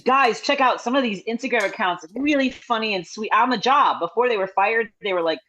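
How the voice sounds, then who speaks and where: A woman's voice: fairly high pitch, a bit bright. Chatty middle-aged woman comic on a call. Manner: rambling, chatty, with quick asides and restarts. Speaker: comedian. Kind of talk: casual comedic storytelling. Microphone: video call. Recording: slightly dull video-call audio.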